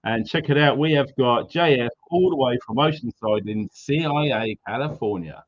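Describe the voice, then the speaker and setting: A man's voice: medium pitch, normal speed. Upbeat man greeting live viewers. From Wales. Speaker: live stream host. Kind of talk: casual live stream chat. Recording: slightly dull lo-fi sound.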